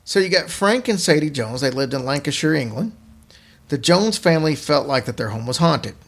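Male podcast host, gravelly and casual, narrating creepy tales. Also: fairly high pitch, animated, moderate pace, fairly bright tone. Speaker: podcast host telling ghost stories. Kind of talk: casual storytelling chat.

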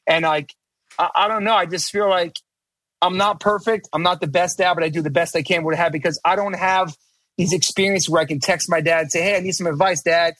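A man's voice: high-pitched, fairly even intonation, brisk, fairly bright tone, no room sound. A middle-aged man talking as a podcast guest in casual chat, emphatic, profane and rambling, restarting his sentences.

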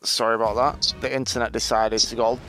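A man's voice: medium pitch, flat delivery, a little fast. A man playing a tabletop game over a video call, easygoing in his manner. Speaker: player.

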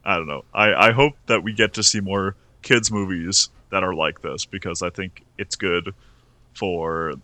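A young man with a fairly low but bright, forceful voice, chatting casually as a podcast co-host. He rambles and restarts his sentences a lot, recorded dry and close with no room sound. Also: fairly even intonation, unhurried, dry recording. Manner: rambling, restarts often, laughs between points. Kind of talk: casual podcast film review chat.

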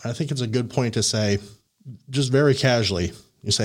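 A man hosting a podcast, coaching a guest in a casual, animated way, laughing and acting out the people he quotes. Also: mid-range voice, a little fast. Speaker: podcast host and career coach.

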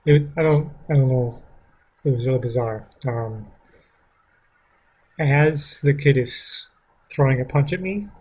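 Husky man telling a rambling school story. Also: medium pitch, a little slow, long pauses, a little mellow. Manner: rambling, frequent fillers and restarts, swears. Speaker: vlogger. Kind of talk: casual storytelling.

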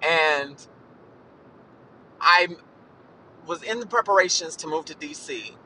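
A man's voice: fairly high pitch, takes it slowly, pushed and bright, slight background noise, rough recording. A man in his thirties hosting a podcast, ranting in a profane, emphatic, sassy way and calling listeners honey. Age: 30s. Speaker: podcast host.

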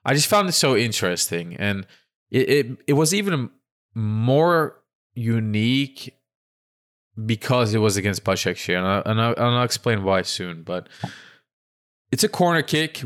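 A man with a fairly low voice co-hosts a casual football podcast. He retells match moments in an animated, chatty play-by-play way. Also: smooth. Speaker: podcast co-host. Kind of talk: casual sports podcast chat.

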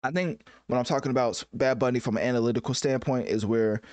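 A man's voice: medium pitch, quick pace, darkish tone, no echo. A man giving casual, joking reaction commentary on a music album, self-mocking and full of fillers like "right?" and "you know.".

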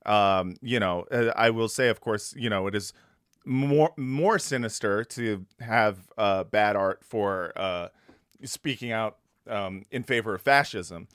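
A man's voice: lowish voice, slow pace, fairly bright tone, smooth, no room sound, studio quality. A man hosting a podcast in casual chat, hesitant and wry, with many fillers. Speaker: podcast host.

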